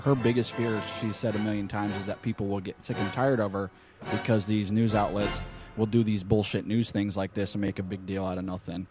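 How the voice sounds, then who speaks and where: Lower-voiced podcast co-host man. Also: level tone, fairly quick, music in the background. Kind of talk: casual podcast chat.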